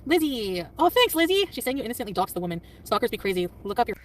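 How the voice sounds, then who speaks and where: A woman rattles through a casual livestream, defensive and quick to snap back at anyone in her chat. Her words tumble out at a hurried clip. She sits away from the mic, with a faint hum of traffic behind her. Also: mid-range voice, lively intonation, recorded from a distance. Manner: quick, defensive, often laughing and snapping back.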